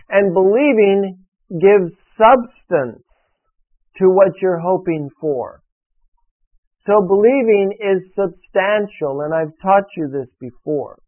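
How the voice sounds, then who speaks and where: A man preaching a sermon, emphatic and repetitive as he drills a point home to his congregation. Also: sits high. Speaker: pastor. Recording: phone-like radio broadcast.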